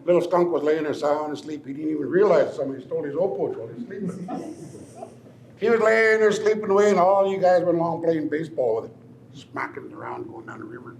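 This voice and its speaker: A man's voice: on the high side, quick pace, gravelly, darkish tone. An older man, a tribal elder, telling a traditional story in a playful, chuckling, teasing way. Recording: echoey room, faint ambience.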